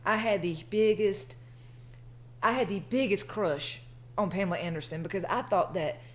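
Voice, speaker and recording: Chatty woman telling a story. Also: medium pitch. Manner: chatty, colloquial, conversational. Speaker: vlogger. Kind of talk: casual storytelling.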